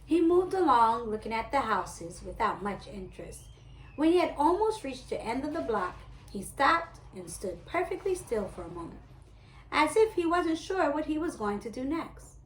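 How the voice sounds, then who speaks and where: A woman reading a children's story aloud, expressive and animated. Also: sits high, moderate pace, slight background noise. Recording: roomy echo.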